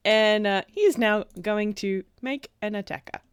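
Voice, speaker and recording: A woman running a tabletop game as game master, talking haltingly with many fillers and laughs. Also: mid-range voice, smooth, no room sound, studio quality.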